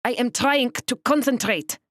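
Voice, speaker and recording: A woman's voice: mid-range voice, expressive, moderate pace, no echo, studio quality, pitched above the performer's own voice, lightly acted. A woman voicing a stern German woman passenger who speaks curtly with a thick German accent. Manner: curt, snappish.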